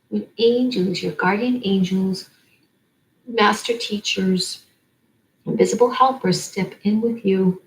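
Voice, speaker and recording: A woman's voice: medium pitch, a little mellow, slight background noise, rough recording. A woman giving an oracle card reading in a rambling way, stringing words together in long lists. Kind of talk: spiritual card-reading monologue.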